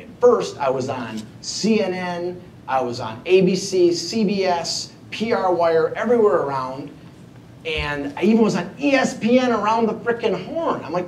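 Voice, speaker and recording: Male keynote speaker, animated storyteller who plays out his own thoughts, distant mic with a faint low rumble. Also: roomy sound. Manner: self-mocking humor. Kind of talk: motivational storytelling speech. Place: event hall before an audience.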